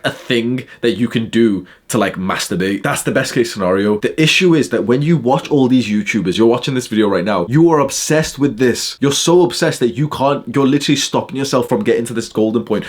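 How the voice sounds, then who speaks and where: A young man, ranting to camera in a mocking, profane way, jumping into high sarcastic impressions. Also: animated, a little fast, few pauses, slightly rough. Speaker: self-improvement YouTuber.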